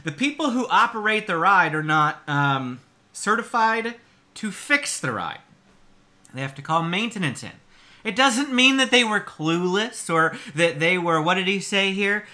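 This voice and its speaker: A man's voice: sits high, animated, measured pace, sharp tone. A man hosting a theme park channel, reacting to reviews in casual, chatty commentary. He explains at length, with an exasperated edge and plenty of fillers.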